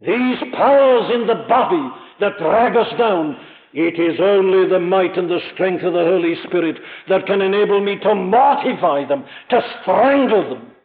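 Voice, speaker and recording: A man's voice: sits high, lively intonation, moderate pace, narrow, tinny audio. A man preaching a sermon, earnest and emphatic, speaking directly to the listener and climbing to impassioned peaks.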